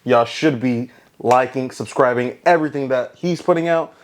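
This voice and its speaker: A man's voice: mid-range voice, normal speed. A man co-hosting a podcast, chatting casually and hyping the channel to listeners. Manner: relaxed, hypes the channel to listeners. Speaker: podcast co-host. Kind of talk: casual chat.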